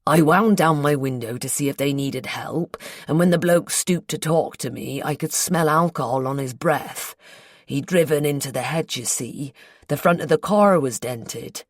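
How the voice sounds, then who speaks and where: Lady doing a low-voiced north devon bloke, slow and confiding, dry close mic. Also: no echo. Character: plain-spoken local man, earnest, guarded. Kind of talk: audiobook character voice.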